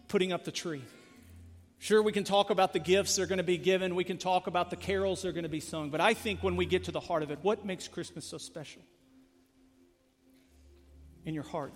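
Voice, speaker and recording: A man preaching a sermon as pastor, earnest, rising in force and then dropping to a hushed close. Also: sits high. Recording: long hall reverb.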